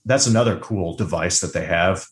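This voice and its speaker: A man co-hosting a casual movie chat, animated and swearing freely, acting out lines from scenes. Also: low-pitched, moderate pace. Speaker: podcast co-host.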